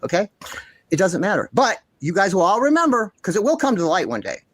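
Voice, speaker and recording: A commentary channel host rants with passion and indignation, swearing a lot and insisting on the same points again and again. His high voice swings hugely in pitch, moves quickly, and has a fairly bright tone, with no room sound.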